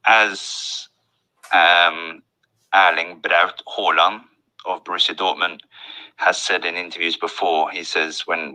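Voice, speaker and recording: A man calmly explaining how to pronounce a name, in a careful, patient teaching manner. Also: deep voice, poor audio. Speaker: language teacher in a played clip. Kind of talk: spoken language lesson.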